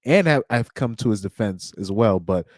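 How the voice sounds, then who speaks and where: A man's voice: lowish voice, expressive, moderate pace, darkish tone, dry recording, studio quality. A man hosting a casual livestream, rambling along with frequent restarts and chuckles. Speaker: livestream host.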